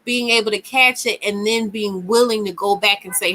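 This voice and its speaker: A woman's voice: on the high side, fairly quick, hardly any pauses, bright, forceful tone. A woman in a casual chat who speaks in long, encouraging and affirming reflective turns.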